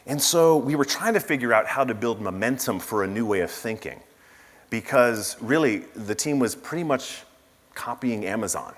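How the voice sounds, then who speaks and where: A man's voice: medium pitch, lively intonation, moderate pace. A man speaking at a conference, telling stories in a casual way with asides and fillers. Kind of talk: conference keynote talk. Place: large conference hall. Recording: reverberant conference hall.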